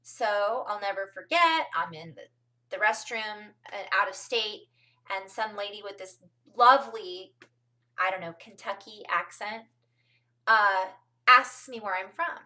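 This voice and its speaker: A woman's voice: mid-range voice, measured pace, bright, forceful tone, far from the mic. A woman from California rambling through a casual spiritual talk to her viewers, with frequent ums and asides. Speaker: spiritual vlogger.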